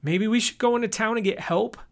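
Narrator doing a jumpy young dude, voice pitched up, begging the group. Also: male voice, fairly quick, gravelly. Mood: pleading. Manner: raised, pleading. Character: nervous young man, losing his nerve.

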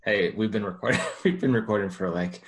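Deep-voiced rambling man co-hosting a podcast. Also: fairly quick. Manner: rambling, many "like" fillers. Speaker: podcast co-host. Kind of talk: casual chat.

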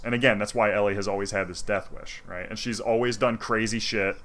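A man in casual chat, retelling a game's story in an animated, profane way. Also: lowish voice, a little fast, few pauses. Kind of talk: casual chat retelling a video game plot.

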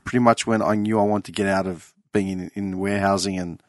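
A man's voice: low-pitched, fairly even intonation, quick pace, no room sound, studio quality. An Australian man hosting a podcast, telling laid-back stories with casual swearing. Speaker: podcast host. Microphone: studio mic.

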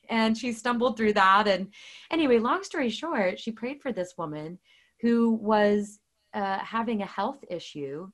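A woman's voice: medium pitch, lively intonation, unhurried. An earnest woman guest talks through her faith in loose, chatty sentences. She restarts often and leans on fillers as she tells stories. Her voice sits in a plain middle range. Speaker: guest author. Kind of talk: casual faith talk with storytelling.

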